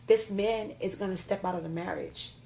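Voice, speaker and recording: A blunt, outspoken woman argues her side on a podcast and teases the other speaker without holding back. Her voice sits at a middle pitch, with a faint hum of background noise. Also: steady tone, normal speed, creaky, mellow. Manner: blunt, teasing, swears freely. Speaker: podcast guest. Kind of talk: heated casual debate.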